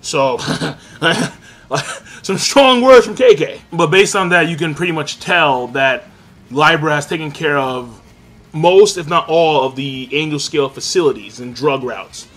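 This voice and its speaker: A young man with a high voice rants excitedly in a casual review. He swears all the time and jumps from loud shouts to low mutters. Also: a little slow. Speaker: anime reviewer.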